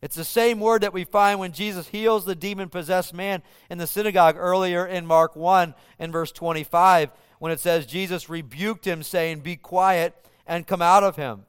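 A man's voice: high-pitched, steady tone, moderate pace, few pauses, smooth, dry recording, clean studio sound. A man preaching a sermon, retelling a scripture scene with vivid storytelling. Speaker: pastor.

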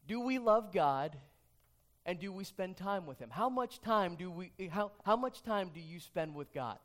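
A man's voice: sits high, expressive, a little slow. Earnest man preaching a sermon. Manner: earnest, repeats questions and restarts phrases. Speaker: pastor. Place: church sanctuary.

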